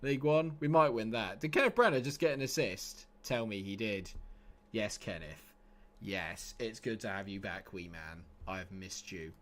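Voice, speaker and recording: A man streaming a football management game live, chatting excitedly and laughing often. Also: lowish voice, normal speed. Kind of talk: casual live game commentary.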